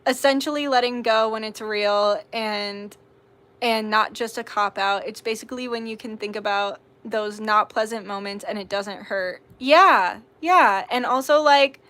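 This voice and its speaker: A woman's voice: mid-range voice, a bit bright. A young woman hosting a live tarot stream, chatting casually, reading out viewer comments, giggling and swearing freely.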